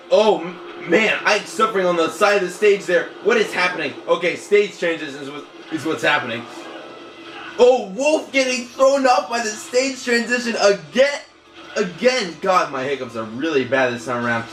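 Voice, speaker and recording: A man commentating video game matches play-by-play, excitable and bursting into loud exclamations. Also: on the high side. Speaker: tournament commentator.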